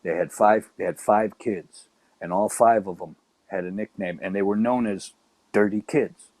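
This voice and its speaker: Middle aged guy from chicago's south side spinning stories, lively, acts out voices, dry close mic. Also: on the low side, normal speed, no echo. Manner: animated, acts out quoted voices. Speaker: guest storyteller. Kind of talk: casual storytelling chat.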